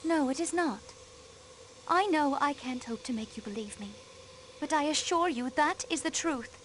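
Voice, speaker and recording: An actress voicing an elegant, guarded countess in a video game, reserved and composed. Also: female voice, high voice, expressive, moderate pace, fairly bright tone, a little hiss or hum.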